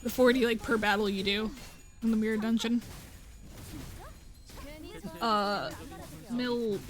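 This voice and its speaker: A woman's voice: on the high side, little pitch movement, slow. A woman streaming a game, rambling in casual commentary and stumbling over names.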